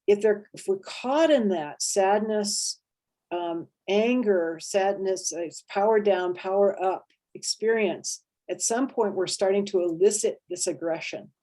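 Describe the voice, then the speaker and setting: A woman therapist leading an interactive workshop, lively and expressive, acting out inner voices and checking in with her listeners. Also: mid-range voice, measured pace. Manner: animated, acts out inner voices and checks in with "right?".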